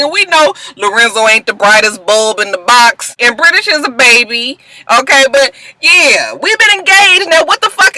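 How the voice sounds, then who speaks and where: A woman hosting a casual reality-show recap vlog, a profane, animated storyteller who laughs a lot and acts out quotes. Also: high voice, rough recording. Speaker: video host.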